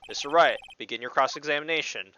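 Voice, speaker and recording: A man voicing a stern older male judge, speaking in a formal, measured way. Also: a little high, sharp tone, a little hiss or hum, poor audio.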